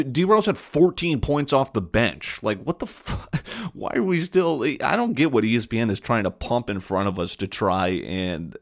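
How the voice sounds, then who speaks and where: A young man hosting a podcast, giving blunt, opinionated sports talk with frequent fillers. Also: fairly low pitch. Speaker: podcast host. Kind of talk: casual sports talk monologue.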